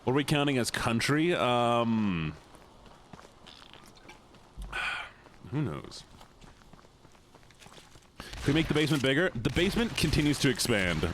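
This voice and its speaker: A man's voice: medium pitch, very animated, measured pace, long pauses, fairly bright tone, slight background noise. A man streaming casually while gaming, joking around and slipping into a folksy drawl. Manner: jokey, goofy, lapses into a put-on folksy drawl.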